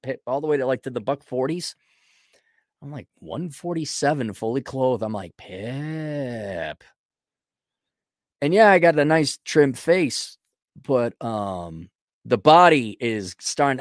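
A man's voice: mid-range voice, no room sound, clean studio sound. A middle-aged American man hosting his own podcast in a casual, rambling monologue full of profanity and sarcasm. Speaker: podcast host.

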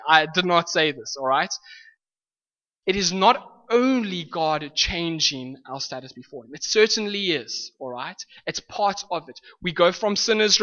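A man's voice: fairly high pitch, bright, forceful tone. A man preaching a sermon in an earnest way, restating his points and coaxing the congregation to answer back. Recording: lo-fi recording with long hall reverb.

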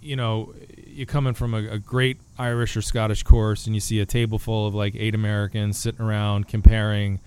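A man's voice: lowish voice, level tone, a little fast, few pauses, darkish tone, clean tone. A man talking as a guest author in a casual podcast chat, joking and rambling with restarts.

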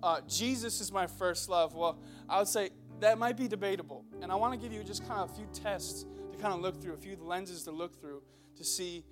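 A man's voice: high voice, fairly quick, over music. A young man preaching a sermon to a church congregation, opening with a comic story before turning earnest. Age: young adult. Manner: joking storyteller who builds into earnest exhortation. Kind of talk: humorous sermon.

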